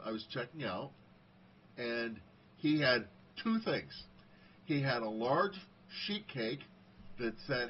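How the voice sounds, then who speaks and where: Middle-aged man telling casual stories. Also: mid-range voice. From United States. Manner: conversational, acts out quoted dialogue. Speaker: speaker sharing personal stories. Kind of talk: casual storytelling monologue. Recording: slightly dull audio, faint background hiss.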